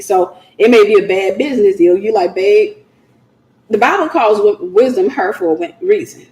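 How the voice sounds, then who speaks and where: A woman with a mid-range voice hosts a Christian teaching talk in a reverberant space. She speaks informally and animatedly, acting out the voices of the people she quotes.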